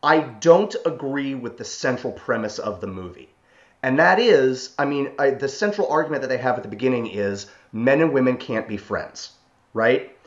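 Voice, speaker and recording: Halting young man on lo-fi audio. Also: medium pitch. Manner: halting, with fillers and repeated starts. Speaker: podcast co-host. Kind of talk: casual chat.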